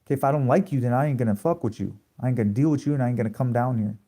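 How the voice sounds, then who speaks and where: In a late-night home livestream, a man rants at his viewers, swearing freely, preaching and firing rhetorical questions. His voice is medium-pitched and dark, and he talks very fast.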